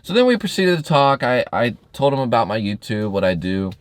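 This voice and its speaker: A young man, a YouTuber, telling a story in a casual storytime vlog, animated and profane, with his pitch jumping up and down. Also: a little fast.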